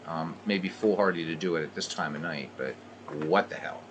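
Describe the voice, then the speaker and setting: A man calling pitch-by-pitch baseball play-by-play, rising excitedly on big plays and dropping in dry asides. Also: normal speed, slight background noise. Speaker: play-by-play broadcaster of a simulated baseball game.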